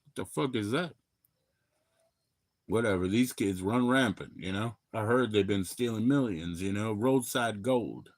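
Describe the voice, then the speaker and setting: This is a middle-aged man from Maryland chatting on his livestream, wandering between topics and swearing freely. His voice sits on the low side, and it is captured dry with no room sound. He flares up loud, then sinks back to a mumble. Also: unhurried, no room sound. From Maryland, USA. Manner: rambling, profane, loud bursts then mumbling. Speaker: livestream host. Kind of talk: rambling casual livestream chat.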